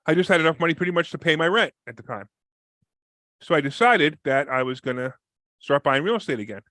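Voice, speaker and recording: A man, a real estate investor guest on a podcast interview, telling a story with lively energy and acting out the people in it. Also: no echo. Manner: fast, energetic, acts out quoted people with big pitch jumps.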